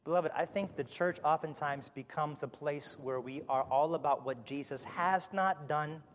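A pastor preaches to his congregation, climbing to loud, emphatic peaks with repeated phrases before dropping low and quiet. The recording has a big-room sound with a little hiss or hum.

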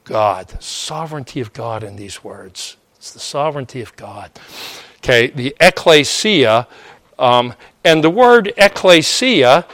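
A man giving a teaching sermon at an unhurried, deliberate pace, often stopping to ask "okay?" and filling gaps with "uh". His voice sits at an ordinary pitch and sounds close and dry, with no room echo. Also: expressive, a bit bright. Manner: digressive, frequent "uh" and "okay?" checks. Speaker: preacher.

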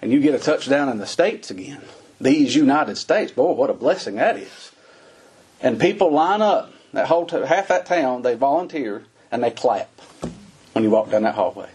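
A man's voice: medium pitch, lively intonation, normal speed, darkish tone, breathy edge. A middle-aged man preaching a sermon in a folksy, conversational way, asking his listeners rhetorical questions.

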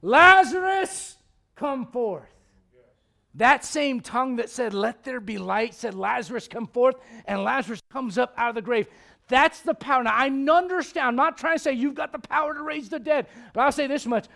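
A man preaching a sermon as a pastor, swinging from loud emphatic lines to hushed ones, with joking asides. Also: very high voice, lively intonation, brisk, vocal fry.

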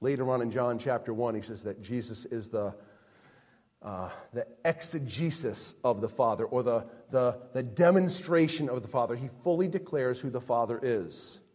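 A pastor preaching a sermon, slow and emphatic, with his voice rising and falling for emphasis. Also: medium pitch, darkish tone, big-room sound.

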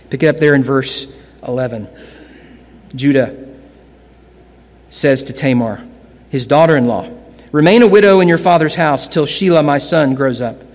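High-voiced man preaching in a hall. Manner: earnest preaching, shifting between loud emphasis and hushed lines. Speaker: pastor. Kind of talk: sermon.

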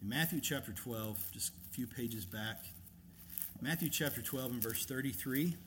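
A man preaching a sermon as a pastor, emphatic and animated, asking rhetorical questions. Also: medium pitch, moderate pace, a little hiss or hum.

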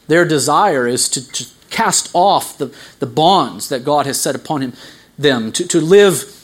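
A man preaching a sermon, explaining scripture with earnest emphasis, swelling on key lines and dropping to quiet asides, with some stammered restarts. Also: a little high, expressive, unhurried.

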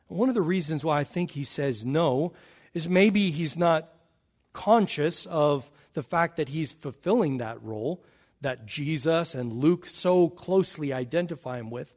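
Male preacher, sermon delivery, emphatic, voice a bit higher than usual. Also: lively intonation, unhurried, a little mellow. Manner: emphatic, rises and falls in pitch and volume.

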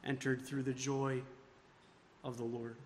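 A man preaching a sermon as pastor, moving from hushed, tender passages to loud, emphatic ones. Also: mid-range voice, flat delivery, a little slow, a little hiss or hum. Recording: long hall reverb.

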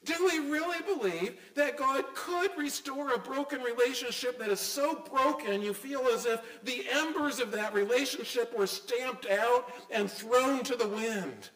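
A man's voice: very high-pitched, unhurried, few pauses, a bit bright, roomy sound, low-quality recording. A middle-aged man preaching a sermon as a pastor, earnest and emphatic, with many rhetorical questions.

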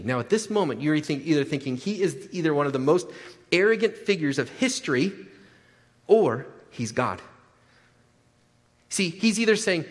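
A man preaching a sermon as a pastor, animated, often repeating his words and checking in with the congregation. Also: a little high, moderate pace, long pauses. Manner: animated, repeats words, asks the crowd "right?". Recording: long hall reverb.

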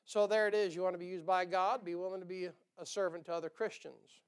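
Folksy high-voiced preacher. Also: male voice, steady tone, quick pace, smooth. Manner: folksy, joking, calls out "amen?" often. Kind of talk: sermon. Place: church sanctuary.

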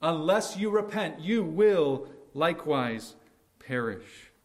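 Man, pastor preaching, slow and deliberate, fairly high voice, hushed endings, acts out quotes. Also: big pitch swings. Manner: emphatic, slowing and dropping to a hush on key words; acts out quoted speech with quick, raised lines. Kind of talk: sermon.

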